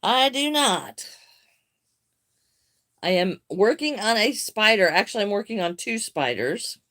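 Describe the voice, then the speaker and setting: Slow-talking older woman live streamer. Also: medium pitch, expressive, fairly bright tone. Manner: unhurried, friendly, greets viewers by name. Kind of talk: casual live-stream chat answering viewer comments.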